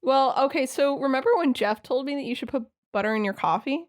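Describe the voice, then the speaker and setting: A woman co-hosting a podcast in casual chat, curious and quick to ask questions. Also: high-pitched, lively intonation. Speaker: podcast co-host.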